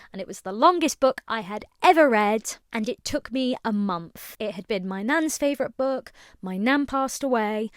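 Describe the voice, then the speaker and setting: A woman's voice: fairly high pitch, fairly bright tone, smooth, no echo, clean studio sound. A woman in her late twenties, a book content creator, giving an earnest, emotional book review while tired. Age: late 20s. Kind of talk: casual book review to camera.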